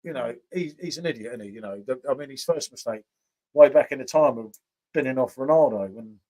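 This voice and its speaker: A man's voice: medium pitch, a little fast, a little mellow. A man hosting a casual beer review livestream, chatting with viewers by name and tagging questions onto his sentences. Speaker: beer review channel host.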